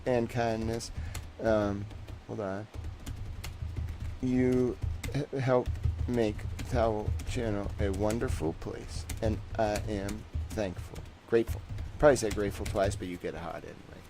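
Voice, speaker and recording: A man's voice: fairly low pitch, steady tone, measured pace, mellow, faint music behind, poor audio. A young man hosting a livestream, talking casually and rambling, full of fillers and little acted-out voices. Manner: rambling, jokey, many fillers, acts out voices. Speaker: livestream host.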